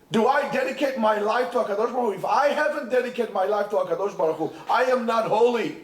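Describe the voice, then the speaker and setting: A man teaching a Torah lesson at a yeshiva, impassioned, repeating himself and restarting phrases. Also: sits high. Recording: echoey room.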